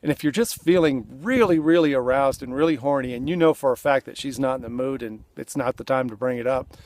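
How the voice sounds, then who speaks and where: A man's voice: medium pitch, brisk, darkish tone, dry recording. A man coaching other men straight to camera in an earnest, conversational way, acting out the lines he suggests they say. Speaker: relationship coach. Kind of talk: direct-to-camera coaching talk. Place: indoors, seated.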